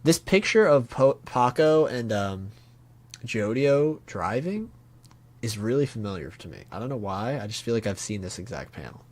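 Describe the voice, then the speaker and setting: A man reacting live to a comic chapter, reading panels aloud and thinking out loud in a casual way with sudden swearing. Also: medium pitch, very animated, normal speed. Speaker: manga reaction streamer.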